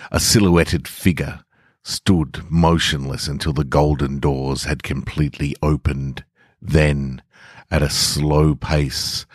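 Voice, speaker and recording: A man reading a story aloud in measured, deliberate scripted narration. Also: a bass voice, breathy edge, dry recording, clean studio sound.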